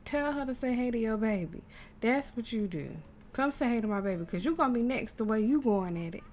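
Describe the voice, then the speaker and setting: A woman's voice: on the high side, a little fast, slight background noise. Chatty woman narrating her game. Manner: animated, chatty, laughs often. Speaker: gaming YouTuber. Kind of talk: casual gameplay commentary.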